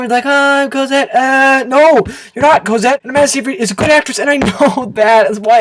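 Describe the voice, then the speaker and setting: A man reviewing a film to camera in an excitable, animated rant full of exaggerated outbursts. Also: extremely high pitch, low-quality recording. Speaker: movie reviewer.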